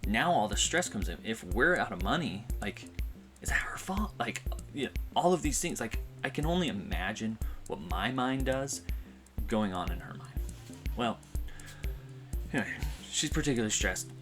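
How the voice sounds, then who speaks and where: A man's voice: lowish voice, animated, normal speed. A man telling a personal story in a vlog, in a rambling, heartfelt way with many fillers and restarts. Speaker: vlogger. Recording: music playing behind.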